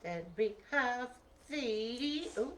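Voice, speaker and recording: Bingo-caller woman, unhurried and teasing, high clear voice, light room hum. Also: lively intonation. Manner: slow, playful, bantering with a group. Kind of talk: live stream bingo calling. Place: care home activity room.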